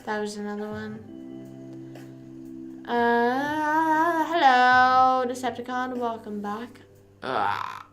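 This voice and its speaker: A high-pitched young woman chats casually with her stream audience, reading rhymes aloud and humming bits of them. Music plays clearly behind her voice. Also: big pitch swings, slow pace, pauses often, a bit bright. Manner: chatty, reads rhymes aloud to chat, sings snippets. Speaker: livestream host. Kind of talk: casual livestream chat.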